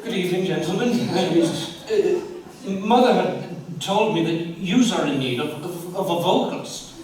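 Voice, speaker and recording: A man's voice: high-pitched, animated, measured pace, a crowd in the background. An actor playing a prim, shy, classically trained young man with an Irish accent, talking in a hesitant, formal, stammering way. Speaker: stage actor. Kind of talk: live stage play acting. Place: theatre stage. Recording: echoey hall from far off, noisy.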